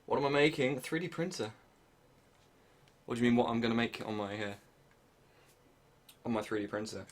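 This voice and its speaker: A young man on a live stream with a medium-pitched voice, cracking crude jokes at his own expense. He mutters to himself and talks to his chat in a loose, casual way while his hands are busy. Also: fairly quick, long pauses. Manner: crude joking, self-deprecating, muttering while working.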